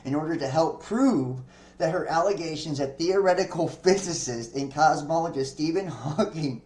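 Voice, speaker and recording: A podcast host with a fairly high, darkish voice reads news articles aloud at a moderate pace, breaking off for profane, chatty asides and frequent laughs. The room is echoey.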